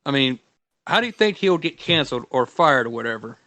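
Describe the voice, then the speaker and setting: A man on a podcast talking in a casual, excitable, mocking rant. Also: medium pitch, fairly quick, no room sound. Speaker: podcast regular. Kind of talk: casual chat.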